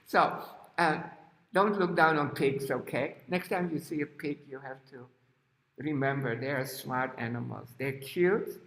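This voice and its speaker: An older man teaches teenagers through a story, explaining gently and animatedly. He speaks at an unhurried pace. The sound is roomy, with a long hall reverb. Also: medium pitch. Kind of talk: storytelling lesson to teens.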